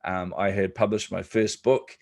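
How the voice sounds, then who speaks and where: A middle-aged man, a podcast guest telling his business story in a relaxed, joking way. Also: sits low, normal speed, creaky. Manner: relaxed, joking, many ums. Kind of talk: casual storytelling interview.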